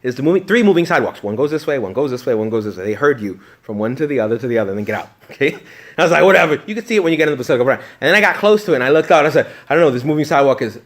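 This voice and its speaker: A priest speaking rapid-fire in a mid-range voice gives a retreat talk to young adults. He swings between joking animation and a hushed tone.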